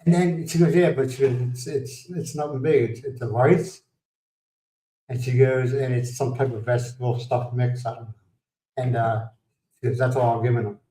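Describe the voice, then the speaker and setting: An American livestream host chats casually, rambling through stories, greeting viewers by name and laughing often. His medium-pitched voice has a dark tone and fairly even intonation at normal speed. He sits back from the mic, so he sounds distant in a roomy echo.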